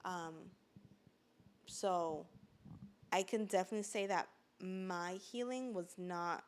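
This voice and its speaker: Speaking slowly in a lowish voice, a woman shares her own experience on a podcast in a casual, earnest way. She says "like" often and sometimes seems to be holding back tears.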